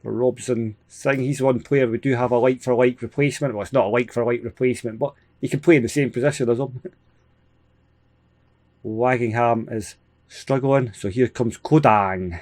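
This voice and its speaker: A Scottish man hosting a gaming video, giving casual, excitable play-by-play with frequent chuckles. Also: mid-range voice, normal speed. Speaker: gaming channel host. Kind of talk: casual let's-play commentary.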